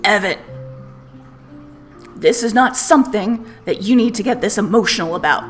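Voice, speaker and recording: A stoic grown man who speaks in a flat, robotic monotone with slow, stern patience, as a woman puts him on. The voice keeps an ordinary middle pitch and gives away no feeling. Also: faint music behind, lightly acted.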